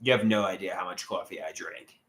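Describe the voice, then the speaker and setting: A man's voice: deep voice, fairly quick, a bit bright, reverberant. A man streaming live and reading chat, talking in an agitated, repetitive way with many stumbling restarts.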